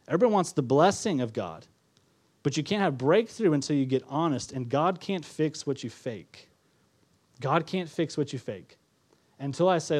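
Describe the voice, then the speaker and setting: A man's voice: mid-range voice, darkish tone. A male pastor preaching a sermon to his congregation in an earnest manner, repeating key phrases and putting questions to the listeners. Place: church before a congregation.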